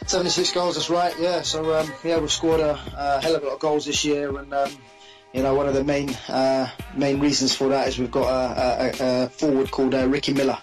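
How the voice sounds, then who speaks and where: A man footballer as a podcast guest, modest and halting, with many ums. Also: medium pitch, level tone, soft background music, low-quality recording. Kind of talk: casual interview chat.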